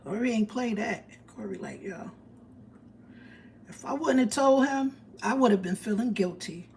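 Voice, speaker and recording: A woman with tells a story on her livestream in an animated, profane way. Her voice sits a little high, and she acts out each person she quotes. Faint background noise hums under her. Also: unhurried, rough recording. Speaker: livestream host. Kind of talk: casual storytelling.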